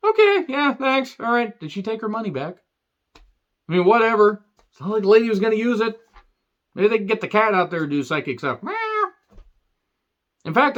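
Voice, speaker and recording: A man's voice: high voice, a bit bright, lo-fi sound. A man giving a sarcastic, rambling movie review rant full of asides.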